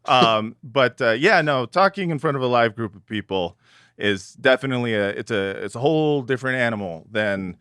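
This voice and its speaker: Male comedian co-host, animated pitch, dry close sound, sarcastic banter. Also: normal speed, smooth, no echo. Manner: jokey, sarcastic, lively delivery.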